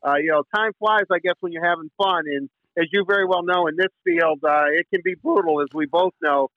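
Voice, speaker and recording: Middle-aged michigan guy, high-pitched, tinny phone sound, keeps restarting sentences. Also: a little fast, dry recording. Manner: rambling, lots of fillers and restarts; bursts into singing the team song. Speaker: sports radio host. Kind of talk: casual interview storytelling.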